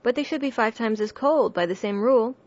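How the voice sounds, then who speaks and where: A woman's voice: fairly high pitch, fairly quick, darkish tone, close to an everyday voice. Polite earnest young girl, read by a woman, careful, storybook, muffled recording.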